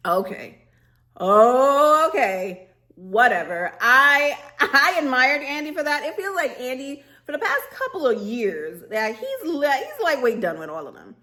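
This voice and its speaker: Woman vlogger on a camera mic, sassy casual rant, fairly high voice, quick laughs. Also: sing-song, pushed and bright. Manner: sassy, emphatic, often laughing. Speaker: vlogger reviewing a reality show.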